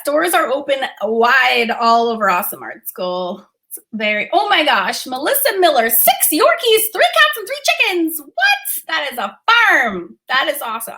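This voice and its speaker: A woman's voice: high-pitched, pushed and bright. A young adult woman teaching art on a casual livestream from her home, chatting with viewers and reading their comments. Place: home studio room.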